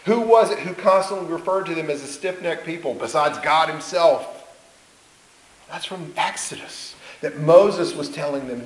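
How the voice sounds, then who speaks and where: A man's voice: fairly high pitch, expressive, moderate pace. A man preaching a sermon, telling a story earnestly, asking rhetorical questions and acting out the people he quotes. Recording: roomy echo.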